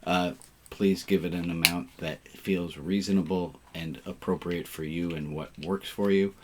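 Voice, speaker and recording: A man's voice: sits low, fairly even intonation, a little slow, noisy background. A man leading an informal online service as rabbi, chatting and cracking puns with his congregation over a video call. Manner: jovial, punning, chatty with the congregation.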